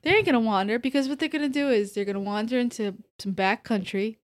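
A woman with a fairly high voice co-hosts a casual podcast chat. She teases, laughs often and swears freely. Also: quick pace. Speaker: podcast co-host.

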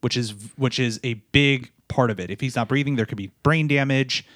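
Tired new dad on a podcast, mid-pitched, halting and repetitive, dry close sound. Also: male voice, a bit bright, dry recording. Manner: halting, repeats words and restarts often. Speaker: podcast co-host, new father. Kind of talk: emotional personal storytelling.

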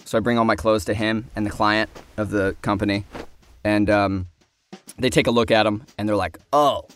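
A man's voice: lowish voice, steady tone, normal speed, faint music behind. A young man casually telling a story about a film shoot, acting out other people's lines.

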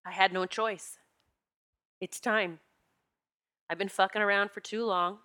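Woman host, bright and candid, spiritual storyteller, animated and emotional. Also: mid-range voice, a little slow. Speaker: podcast host and retreat leader. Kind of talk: personal spiritual talk to listeners. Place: Pennsylvania home.

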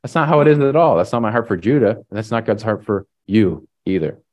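A man preaching a sermon in a relaxed, conversational way, often tagging on "right?" and pausing with fillers. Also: fairly low pitch. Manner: halting restarts and fillers. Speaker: pastor.

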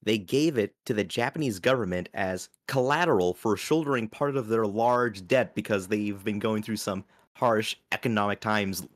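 A man's voice: lowish voice, normal speed, few pauses, no echo. Male podcast host, rambling casual anime chat. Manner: rambling, filler-heavy, laughs often.

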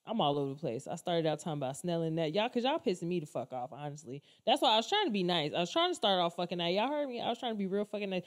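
A woman venting on her vlog at a mid pitch, talking straight to viewers she calls y'all. She rambles from point to point with heavy swearing and plain exasperation. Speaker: commentator. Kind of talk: casual opinion vlog rant.

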